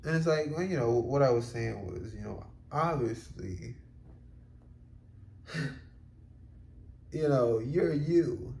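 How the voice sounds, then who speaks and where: A man's voice: medium pitch, slow pace, creaky, long pauses, a little mellow. A man talking through a solo reflective podcast monologue in a rambling, casual way, full of fillers and offhand swearing. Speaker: podcast host. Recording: roomy echo.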